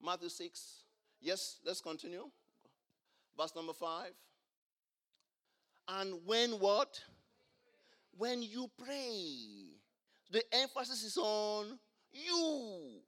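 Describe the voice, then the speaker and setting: A man preaching a sermon, asking the congregation to finish his lines and swinging between quiet explanation and loud exclamations. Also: sits high, animated, slow pace, long pauses. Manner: call-and-response preaching, rising to loud exclamations. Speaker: pastor.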